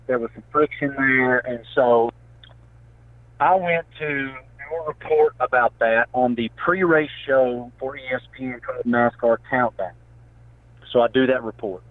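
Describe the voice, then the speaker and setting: A man with an Appalachian accent, a guest telling stories in a casual interview, animated and folksy. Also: mid-range voice, no room sound. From southwest Virginia, Appalachia. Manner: animated storytelling, says man and brother. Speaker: guest, sports reporter. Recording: tinny phone-line sound.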